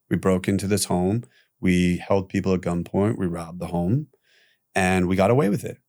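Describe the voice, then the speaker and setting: A man guest on an interview podcast, recounting his past in a lively, profane storytelling manner. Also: low-pitched. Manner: animated retelling with profanity, acting out quoted voices.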